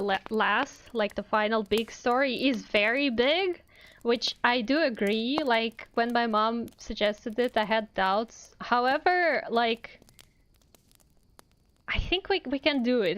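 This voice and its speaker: A chatty woman streamer with a Russian accent and a fairly high voice. She reads fairy tales and talks casually with many fillers. Her native language is Russian. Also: fairly bright tone. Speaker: VTuber streamer. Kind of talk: casual livestream chat and fairy-tale reading.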